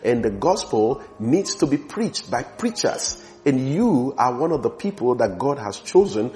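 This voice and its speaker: A man preaching a sermon with emphasis, repeating words for stress and swinging between soft and loud passages. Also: medium pitch, very animated, measured pace, faint music behind.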